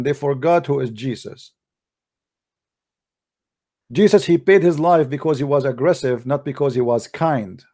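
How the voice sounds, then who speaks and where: A man's voice: mid-range voice, normal speed, vocal fry, pauses often, warm tone. A man with an Arabic accent hosting a combative commentary, talking in broken English and scolding his critics. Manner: combative, scolding, non-native grammar. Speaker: host. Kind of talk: polemical commentary.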